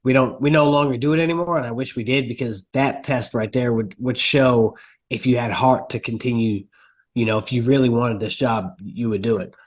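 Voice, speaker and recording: A firefighter being interviewed as a guest, who talks in a relaxed, loose way with lots of filler words. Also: male voice, medium pitch, brisk. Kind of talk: casual interview.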